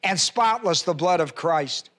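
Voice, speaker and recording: A man delivers a teaching sermon, listing scripture references and spelling out words for his listeners. His voice sits high and carries a bright, forceful edge. He slows down to repeat the key points. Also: animated. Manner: repeats key phrases slowly for emphasis. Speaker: preacher.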